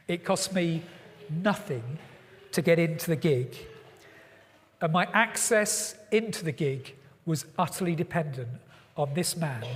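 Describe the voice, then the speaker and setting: A middle-aged man preaching a storytelling sermon with lively, playful asides. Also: on the high side. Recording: long hall reverb.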